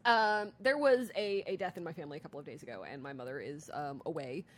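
A woman in her thirties co-hosting a casual podcast, wry and self-deprecating, often sinking into low murmurs. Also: quick pace, a little hiss or hum. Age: 30s. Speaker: podcast co-host. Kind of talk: casual chat.

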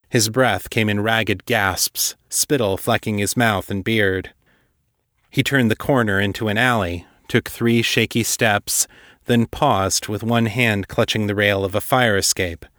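A man with a low voice narrates a dark fantasy story in a measured, deliberate manner. The recording is dry and close, with no room sound. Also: no echo. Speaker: podcast host and narrator.

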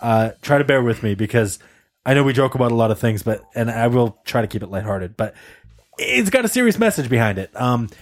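Animated male podcast co-host, casual storyteller, lively pitch, light laughter. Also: brisk. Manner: animated, swearing, laughs often.

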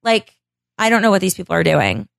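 A woman's voice: medium pitch, sing-song, fairly quick, gravelly, dry recording. A woman hosting a casual podcast, blunt, profane and sarcastic as she mocks what she reads. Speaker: podcast host.

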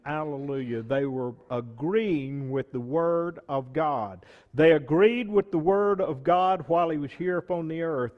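Slow, high-voiced preacher. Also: male voice, big-room sound, dull audio. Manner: slow and deliberate, rising to emphatic bursts on key words. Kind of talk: sermon reading and expounding scripture. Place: church sanctuary.

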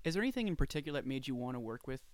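A man's voice: medium pitch, big pitch swings, very fast, no echo. A man hosting a casual interview, cracking puns and playful asides. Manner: punning, playful patter. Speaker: podcast host.

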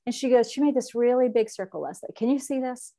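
Animated middle-aged woman telling a story. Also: on the high side, a little fast. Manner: animated, emotional storyteller acting out quotes. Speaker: podcast guest. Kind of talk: conversational storytelling.

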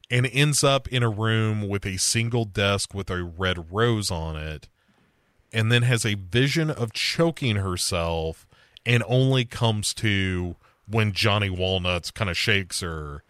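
A man's voice: on the low side, bright, forceful tone, smooth, no echo. A man co-hosting a podcast, casually retelling a TV episode in a rambling way, acting out lines as he goes. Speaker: podcast co-host. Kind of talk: casual recap chat.

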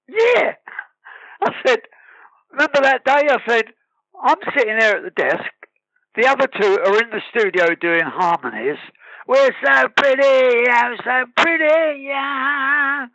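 A man telling anecdotes in casual talk, lively and animated, singing snatches of songs and laughing as he goes. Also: high voice, no room sound, dull audio. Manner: lively storyteller, breaks into sung snatches and laughs. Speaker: guest musician.

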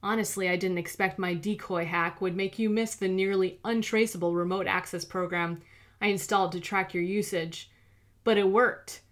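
A woman's voice: mid-range voice, fairly even intonation, normal speed, lightly acted. A woman doing a menacing vengeful male villain.

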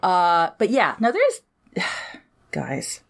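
A woman chatting on a podcast as a co-host, jokey and quick to swear. Her pitch swings widely as she reacts, full of animated energy. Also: vocal fry. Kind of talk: casual podcast chat.

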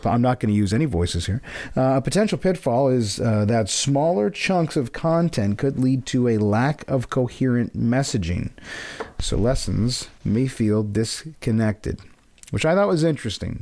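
A man's voice: medium pitch, dark tone. A man hosting a casual podcast, rambling and playful, with self-mocking asides. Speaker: podcast host.

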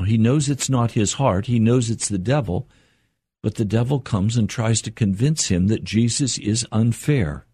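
Husky older man preaching a sermon. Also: warm tone, dry recording, studio quality. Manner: earnest, rising in pitch for emphasis and quotes. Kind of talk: radio sermon.

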